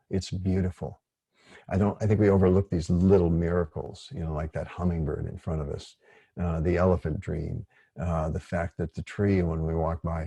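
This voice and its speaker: A man leading an online workshop, speaking in a gentle, rambling, digressive way. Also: low-pitched, creaky, slightly rough, no room sound. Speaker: workshop facilitator.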